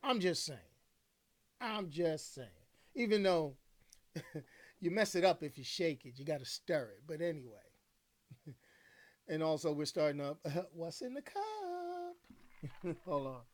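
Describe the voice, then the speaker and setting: A man's voice: fairly high pitch, measured pace, pauses often. A man in his thirties hosting a casual livestream talk show alone, rambling in slangy speech with plenty of filler phrases.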